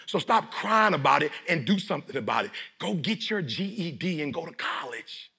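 A middle-aged man from Detroit giving a preachy motivational speech to a live audience, often shouting and leading call-and-response. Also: on the high side, big pitch swings, normal speed, gravelly, breathy edge. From Detroit, United States. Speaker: motivational speaker.

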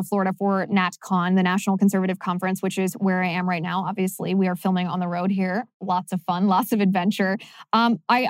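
A woman's voice: mid-range voice, darkish tone, dry recording, clean studio sound. A young woman hosting a podcast, delivering an opinionated monologue in a sarcastic, emphatic way. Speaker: podcast host.

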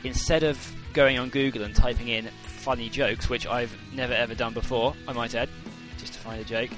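A man from the United Kingdom co-hosts a podcast, joking and poking fun at himself as he talks. His pitch is middling, and clear music plays behind him. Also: fairly even intonation, a little fast. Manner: joking, self-mocking. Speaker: podcast co-host. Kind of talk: casual podcast banter.

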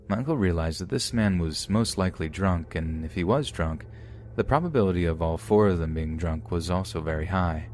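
A man narrating true horror stories in a steady, scripted reading. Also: low voice, a little hiss or hum. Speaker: podcast narrator.

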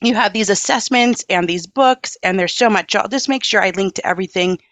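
Podcast host, woman, mid pitch, enthusiastic and affirming. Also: a little fast, fairly bright tone, dry recording. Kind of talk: podcast interview.

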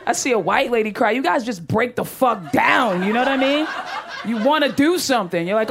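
A woman's voice: high-pitched, moderate pace, a crowd in the background, background noise. A woman stand-up comedian performing a set, talking in a brash, profane, conversational way and landing punchlines.

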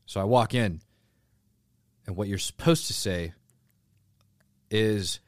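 A man with a lowish voice chats casually and teases his co-host. He walks the listener through a story one step at a time. The sound is dry and close. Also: takes it slowly, dry recording. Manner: teasing, explains things for listeners. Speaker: podcast co-host.

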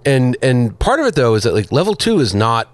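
A man's voice: mid-range voice, very animated, brisk. A man co-hosting a car radio show, talking casually in a rambling way with many fillers. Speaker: co-host, car journalist.

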